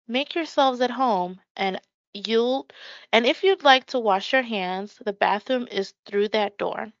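A woman reading an audiobook, voicing a cheerful middle-aged mother in a bright, upbeat tone. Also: on the high side, a little slow, dry recording. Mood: welcoming. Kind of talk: audiobook character voice. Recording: dry, slightly muffled.

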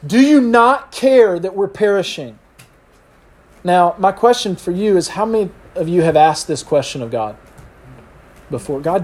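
Pastor, middle-aged man with a fairly high voice, animated sermon delivery that acts out quotes. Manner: animated storyteller acting out quotes.

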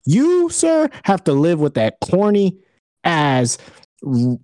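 A man bluntly trash-talks in casual sports banter, cursing freely. His fairly high voice swings widely, and the sound is close and dry. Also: animated, slow pace, darkish tone, dry recording. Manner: blunt, swearing, trash-talking. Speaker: podcast co-host.

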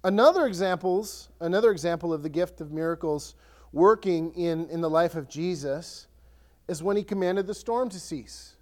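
A man preaching a sermon as pastor, conversational and animated, often restarting his sentences and acting out scripture. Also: a little high, normal speed.

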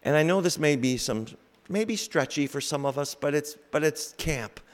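A man preaching a sermon slowly and reflectively, with pauses. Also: on the high side, expressive, a little hiss or hum. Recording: long reverb in a large hall.

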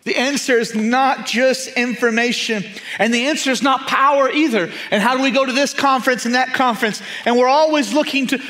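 High-voiced preacher, emphatic. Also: male voice, fairly quick. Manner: emphatic, repeats key phrases, drops to hushed intensity. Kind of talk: sermon.

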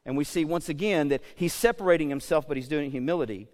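Animated high-voiced male pastor preaching. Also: fast talker, in a large hall. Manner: animated, conversational, joking asides, repeats "okay?". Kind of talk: sermon.

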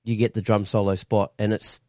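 A man's voice: fairly low pitch, little pitch movement, brisk, a little mellow, no room sound, clean studio sound. A man hosting a casual interview, asking long, restarting questions. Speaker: podcast host.

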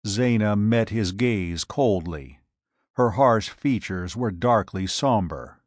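A man reading a pulp adventure aloud as narrator, with a measured, dramatic delivery. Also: fairly low pitch, lively intonation, no room sound, clean studio sound. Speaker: audiobook narrator. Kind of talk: scripted narration.

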